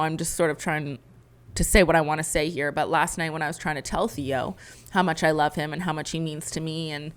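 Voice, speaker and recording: A woman in her thirties with a notably low voice talks candidly on a podcast. She tells her story in a rambling, emotional way, often pausing to restart her thoughts. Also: fairly bright tone. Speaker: podcast co-host. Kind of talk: candid conversation.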